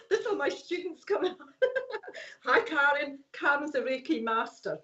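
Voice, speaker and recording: Bubbly Scottish woman, high voice. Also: lively intonation, a little slow, echoey room, muffled recording. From Scotland. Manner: bubbly, laughs often, warm greetings to viewers. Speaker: co-host and psychic medium. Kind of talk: casual live-show chat.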